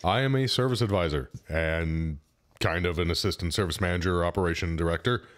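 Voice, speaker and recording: A man co-hosting a casual podcast chat, joking and throwing in quick asides. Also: low voice. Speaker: podcast co-host, service advisor.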